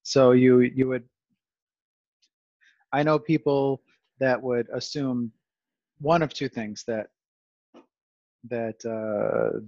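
A man's voice: medium pitch, steady tone, slow, pauses often, darkish tone, dry recording, dull audio. Rambling, wry male podcast host. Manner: rambling, self-aware, sarcastic asides. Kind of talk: conversational interview.

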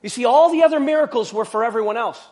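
High-voiced man preaching a casual sermon. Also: fast, darkish tone. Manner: conversational, with rhetorical questions and joking asides. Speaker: pastor.

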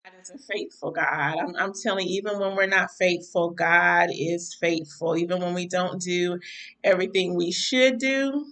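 A woman's voice: fairly low pitch, normal speed, fairly bright tone, far from the mic, rough recording. Weary but fervent woman minister. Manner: fervent, repetitive praise phrasing. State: mentally weary, tired-sounding voice. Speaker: minister and podcast host. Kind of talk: devotional talk to a live audience.

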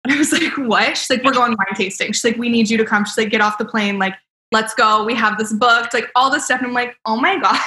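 A woman's voice: fairly high pitch, a little fast, sharp tone. Bubbly young woman telling stories, roomy. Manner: bubbly, laughs often, heavy use of "like". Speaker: celebrity makeup artist guest. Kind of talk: casual podcast storytelling. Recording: roomy echo.

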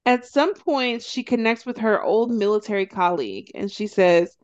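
A woman co-hosting a podcast, casually recapping a TV show and acting out the characters' lines in quick, animated storytelling. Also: mid-range voice, muffled recording. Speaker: podcast co-host.

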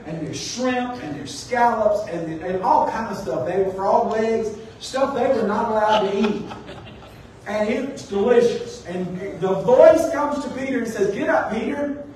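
A man preaching a sermon, animated and joking with his congregation. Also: high voice, slight background noise. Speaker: pastor. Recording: echoey room, distant mic.

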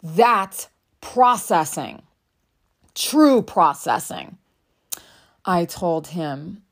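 A woman's voice: medium pitch, lively intonation, slow pace. A woman in her thirties, a mother telling a parenting story in a candid, reflective way, swearing now and then. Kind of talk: casual storytelling monologue.

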